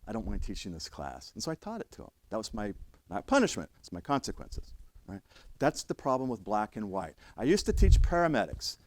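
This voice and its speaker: Blunt and conversational, a middle-aged man gives a story-filled classroom lecture to emergency responders, performing the quoted voices. His pitch is fairly low but swings hugely, he talks fairly quickly, and the recording is dry.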